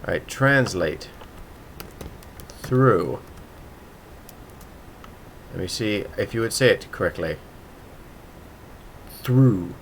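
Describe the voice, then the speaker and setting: A man's voice: deep voice, animated, fairly quick, creaky, hardly any pauses, a bit bright, a little hiss or hum. Chatty man thinking aloud on a livestream. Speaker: writing livestream host. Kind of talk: casual livestream chat while writing.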